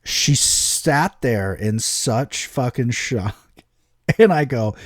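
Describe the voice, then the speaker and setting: A young adult man co-hosting a casual podcast chat, telling stories in an animated, profane way. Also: mid-range voice, extremely slow, no echo, clean studio sound. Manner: animated, profane storytelling with voices. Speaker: podcast co-host.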